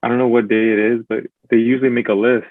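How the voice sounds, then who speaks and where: A man's voice: medium pitch, little pitch movement, dry recording, narrow, tinny audio. A man as a podcast guest in casual chat, recalling his past hesitantly. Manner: hesitant, recalls things slowly.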